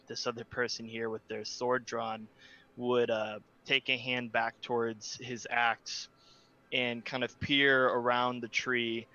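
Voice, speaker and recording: A man playing a tabletop game, describing his character's actions in a deliberate way. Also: mid-range voice, sharp tone, lo-fi sound. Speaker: player.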